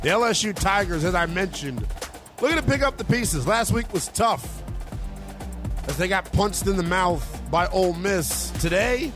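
A man hosting a college sports radio show, talking with big swoops in pitch and slangy emphasis. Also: animated, normal speed, music in the background. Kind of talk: energetic sports talk radio.

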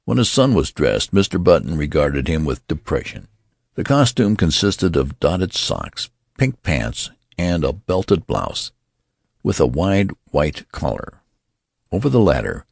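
A man narrating a story as an audiobook, with measured, expressive storytelling. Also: low-pitched, creaky, breathy edge, no room sound, clean studio sound.

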